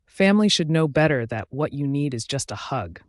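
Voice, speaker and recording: Earnest young bride for an audiobook, pleading and tender, pitched up, as a male reader puts her on, very dry read. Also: sing-song, fairly quick, no echo. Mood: insistent.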